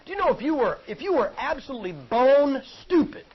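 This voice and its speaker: A man's voice: very high voice, sing-song, a little fast. A man preaching a sermon in a folksy, joking, conversational way. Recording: dull lo-fi recording.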